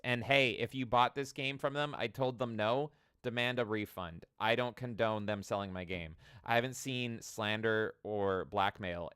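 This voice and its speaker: A man co-hosting a casual podcast, ranting in an animated, profane way and mocking the text he reads aloud. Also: mid-range voice, clean tone, no echo, clean studio sound. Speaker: podcast co-host.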